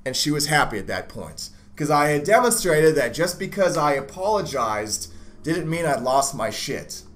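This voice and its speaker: A man's voice: on the high side, big pitch swings, moderate pace, fairly bright tone. A man hosting a dating-advice talk show, casual, blunt and profane, often talking over his co-host. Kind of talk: casual chat.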